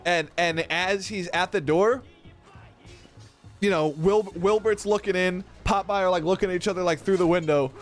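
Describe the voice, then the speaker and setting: A man's voice: sits high, moderate pace, soft background music. A man streaming a game while telling a story in a rambling, profane way, full of "dude" and "like". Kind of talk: casual storytelling while gaming.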